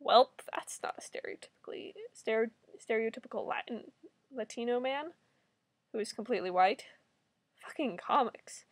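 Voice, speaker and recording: Young woman, high voice, dry close sound, angry ranting, swearing, liveblog read-aloud. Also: normal speed, no room sound. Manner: exasperated ranting, swearing and yelling. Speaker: reader of her own liveblog. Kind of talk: reading aloud casual liveblog rants.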